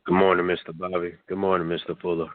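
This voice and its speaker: A man calling in to a radio show who asks his question politely and a little haltingly. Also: deep voice, little pitch movement, no echo. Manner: polite and respectful, slightly halting. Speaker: caller. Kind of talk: call-in question. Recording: tinny phone-line audio.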